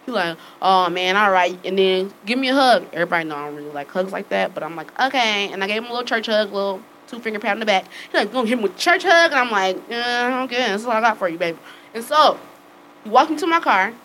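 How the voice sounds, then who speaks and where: A woman telling a story casually to friends, acting out the dialogue with lively swearing and frequent laughter. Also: medium pitch, fast, slight background noise, rough recording. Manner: animated, acts out quoted dialogue with swearing; laughs often while telling.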